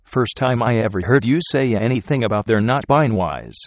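A man's voice: medium pitch, animated, moderate pace, no echo, clean studio sound, natural voice. A man voicing a practical, skeptical frontier traveler who speaks bluntly in plain backwoods dialect.

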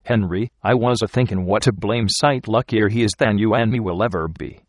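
A man voicing a weary, uneasy frontier trail driver who talks in rough backwoods dialect, grave and insistent. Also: lowish voice, brisk, dry recording, studio quality.

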